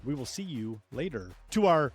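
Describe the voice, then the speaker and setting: A man co-hosting a podcast, talking in a crude, joking, animated way. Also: mid-range voice, normal speed, slightly rough, faint music behind. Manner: profane, joking, animated storytelling. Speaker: podcast co-host. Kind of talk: crude casual chat.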